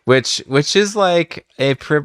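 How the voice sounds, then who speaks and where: A man co-hosting a podcast, reacting to a comic story with animated, jokey asides. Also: on the high side, slow pace, clean tone. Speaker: podcast co-host. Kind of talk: casual comic book discussion.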